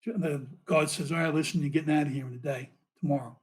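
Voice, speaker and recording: A man, a former police officer, telling his story as a podcast guest in a profane, animated way. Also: a little high, quick pace. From United States.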